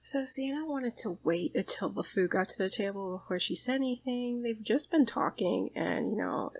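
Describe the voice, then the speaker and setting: A woman narrates her life-sim let's play in a loose, chatty way, peppered with fillers. Her pitch sits in an ordinary middle range. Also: moderate pace, vocal fry, a little hiss or hum. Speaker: gaming channel host.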